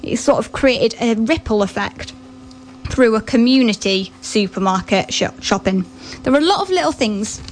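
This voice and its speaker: A woman's voice: on the high side, lively intonation, normal speed. A young woman presenting on the radio, chatting casually and a bit flustered, often laughing at herself. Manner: chatty, giggly, self-deprecating.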